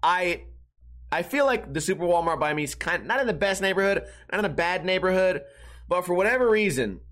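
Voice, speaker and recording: A man hosting a podcast, telling a casual story with lots of swearing and acted-out voices and sound effects. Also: fairly high pitch. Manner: profane, animated, acts out people and sound effects. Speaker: podcast host.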